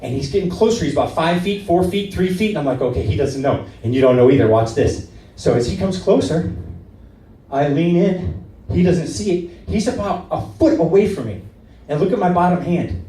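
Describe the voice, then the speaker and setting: A man telling a driving story as stand-up comedy, acting out shouts and asides to the audience. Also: sits high, expressive, a little fast, reverberant, recorded from a distance, poor audio.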